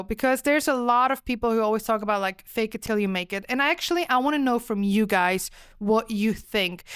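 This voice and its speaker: A young woman from Switzerland hosting a solo podcast, telling a story in a chatty, animated way with lots of fillers. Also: fairly high pitch, clear, resonant tone. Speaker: podcast host.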